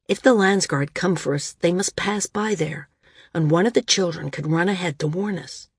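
A woman reader voicing a calm, earnest male healer in a storybook reading, low and husky. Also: moderate pace. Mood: earnest, firm. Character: gentle, steady male healer, young adult.

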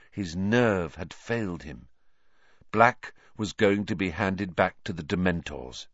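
A male audiobook narrator who reads slowly and dramatically, his pitch moving with lively variation. The sound is very dry and slightly muffled. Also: no echo. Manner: expressive, dramatic reading. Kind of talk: scripted narration.

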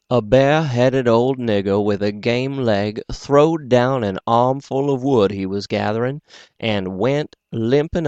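A man hosting a podcast and reading a book aloud, in a dry, self-deprecating way with casual pauses. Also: medium pitch, darkish tone, smooth, no echo. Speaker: podcast host and audiobook reader. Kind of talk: casual audiobook narration.

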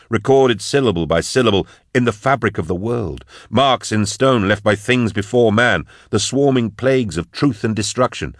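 A man giving steady, measured scripted narration of an audiobook. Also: fairly low pitch, no room sound, studio quality.

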